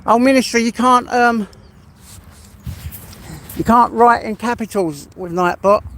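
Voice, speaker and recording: A man's voice: extremely high pitch, unhurried, a bit bright, a little hiss or hum. A man with an English accent chatting to his viewers on a phone livestream while walking his dog through the fields, swearing now and then. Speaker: livestream host. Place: outdoors in rural fields.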